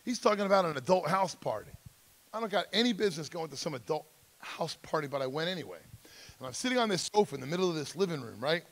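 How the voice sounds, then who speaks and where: A middle-aged man tells his own story to a school audience with an emphatic, intense delivery. His voice sits a little high and carries a gravelly edge. He slips into the voices of the people in his story. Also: lively intonation, fast. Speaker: speaker at a school drug seminar. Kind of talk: personal storytelling talk.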